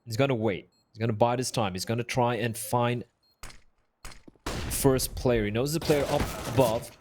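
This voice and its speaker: A man on a headset mic giving fast play-by-play commentary on a shooter match, getting excited during big plays. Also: mid-range voice. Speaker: esports caster. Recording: faint noise and game gunfire behind.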